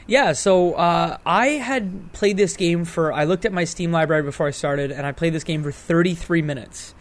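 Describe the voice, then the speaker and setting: Young male co-host, lighter pitch, self-deprecating and casual. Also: normal speed. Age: 20s. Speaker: podcast co-host. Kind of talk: casual chat about games.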